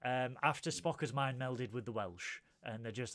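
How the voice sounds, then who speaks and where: A man's voice: mid-range voice, moderate pace, a bit bright. A man hosting a casual film review podcast, animatedly retelling scenes and acting out the characters' lines. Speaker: podcast host.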